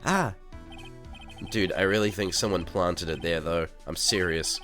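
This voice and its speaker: Streamer playing a self-absorbed surfer-dude celebrity, low and drawling, faint game music behind. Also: male voice, a little slow, fairly bright tone. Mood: defensive. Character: laid-back vain male TV star, surfer dude.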